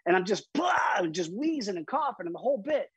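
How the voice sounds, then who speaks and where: A man's voice: high-pitched, very animated, a little fast, a bit bright, husky, no echo, low-quality recording. A man, an interview guest, vividly retelling a personal story with emphatic restarts.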